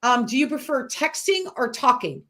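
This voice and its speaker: Woman host, high-pitched, chatty with lots of "um"s, talking over a video call. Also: big pitch swings, moderate pace, fairly bright tone. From Massachusetts. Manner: chatty, laughs often, many "um" fillers. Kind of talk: casual chat. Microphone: online video call.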